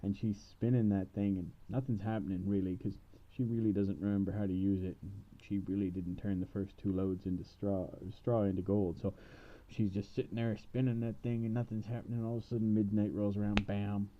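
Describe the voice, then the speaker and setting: A man casually retelling a fairy tale in playful slang, punctuating it with shouts of bam. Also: lowish voice, flat delivery, a little fast, lo-fi sound.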